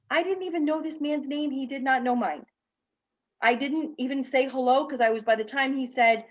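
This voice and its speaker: High-pitched and brisk, a woman tells a personal story with candor at a panel talk, impersonating the people in it. She is on a video call as a guest speaker and teacher, and the sound is lo-fi.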